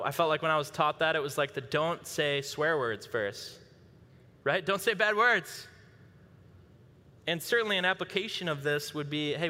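A man's voice: a little high, sharp tone. A male pastor preaching a sermon in a conversational way, with casual asides. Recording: long reverb of a large hall.

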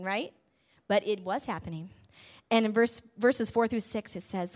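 A woman preaching a sermon, retelling a story in a conversational way, full of tag questions and big swings between loud and soft. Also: medium pitch, brisk.

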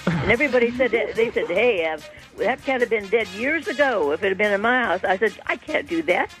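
Chatty, excitable woman caller. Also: medium pitch, a little fast, soft background music. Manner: chatty, excitable, laughs often, folksy sayings. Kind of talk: casual phone-in chat.

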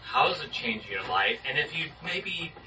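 A man's voice: fairly high pitch, very animated, normal speed, sharp tone, slight background noise. Man leading a Bible study. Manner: conversational, asks the group questions. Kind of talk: informal sermon discussion. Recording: muffled distant room recording.

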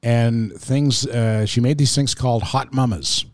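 A man's voice: mid-range voice, unhurried, no echo, clean studio sound. A middle-aged man, co-hosting a podcast in casual chat and telling stories with acted-out quotes. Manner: animated storyteller, acts out quoted voices. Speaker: podcast co-host.

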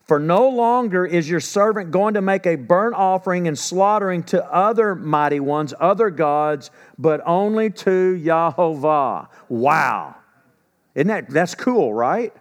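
A man's voice: high-pitched, unhurried. Folksy man in his sixties teaching. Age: 60s. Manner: folksy, paraphrases scripture in a lively conversational voice. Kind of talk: Bible teaching.

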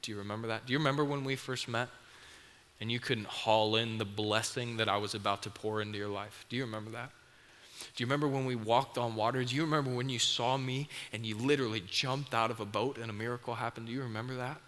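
A man voicing Jesus as a calm man gently questioning a friend, in a sermon. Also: mid-range voice, quick pace, lightly acted. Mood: tender, urging. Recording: long hall reverb, faint noise.

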